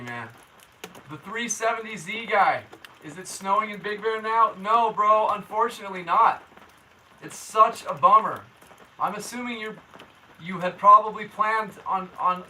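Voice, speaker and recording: A man's voice: sits high, measured pace, sharp tone, distant mic, a little hiss or hum, rough recording. A man hosting a casual weather livestream from his home, chatting with viewers in a laid-back, slangy way and reading their comments aloud. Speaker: local weather livestream host. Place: indoors at home.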